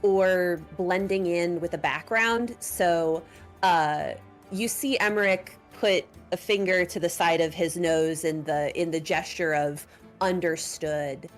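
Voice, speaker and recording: A woman running a tabletop game as game master, with measured storytelling narration. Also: lowish voice, soft background music.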